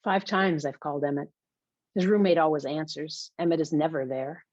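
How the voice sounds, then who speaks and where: A woman's voice: low voice, steady tone, moderate pace, darkish tone, no room sound. A woman narrating a first-person novel in a confessional, wry way, in a muffled lo-fi recording. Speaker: audiobook narrator. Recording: dull, dry lo-fi recording.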